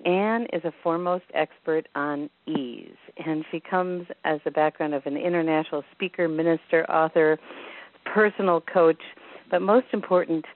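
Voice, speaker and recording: Low-voiced woman host on a phone line. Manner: gushing, warm praise in slow measured phrases. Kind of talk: phone interview.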